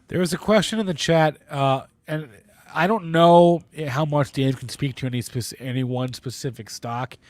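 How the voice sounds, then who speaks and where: A man's voice: on the high side, normal speed, no room sound. A man hosting a live market show, congested with a stuffy nose and rambling in a self-deprecating way. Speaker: livestream host.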